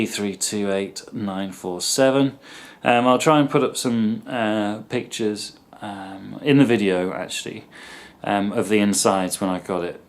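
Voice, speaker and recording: A man presenting a guitar in a casual, rambling way, with many ums and asides. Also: on the low side. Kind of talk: casual talk to camera.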